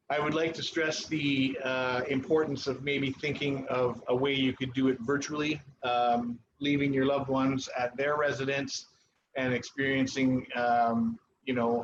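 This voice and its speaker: A man, a chef and cooking instructor, giving a relaxed live cooking demonstration in a ski club kitchen, pausing often as he explains. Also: on the high side. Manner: relaxed, instructive, with frequent pauses. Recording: muffled online stream with background noise.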